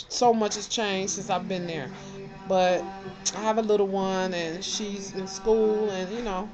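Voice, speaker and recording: Woman chatting to her cam, shouting out viewers, muffled lo-fi sound. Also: mid-range voice. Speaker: vlogger. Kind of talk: casual chat to camera.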